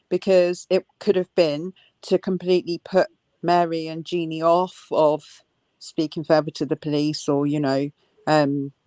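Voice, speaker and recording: A woman co-hosts a casual discussion in a low voice, sarcastic and quick to chime in with agreement. The sound is dry and close on the mic. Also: warm tone, dry recording. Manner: sarcastic, frequent agreeing fillers. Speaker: co-host.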